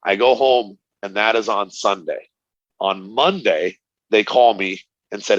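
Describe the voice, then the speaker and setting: Middle-aged guy telling fight stories, lowish voice, kinda muffled dry sound. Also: a little slow, dry recording. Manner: animated storyteller, acts out quoted dialogue, laughs often. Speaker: interview guest, retired fighter. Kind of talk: casual storytelling interview.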